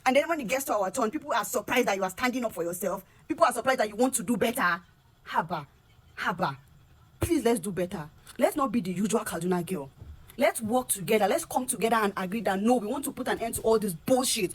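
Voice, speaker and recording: A young woman with a Nigerian accent pours out an aggrieved vlog to camera. Her voice is husky and her speech rushes along quickly. She drops into Pidgin now and then and repeats herself as she presses her point. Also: lively intonation. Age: young adult. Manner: earnest and aggrieved, repeats words and rises in pitch when heated, mixes in Pidgin. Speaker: vlogger. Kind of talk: impassioned direct-to-camera rant.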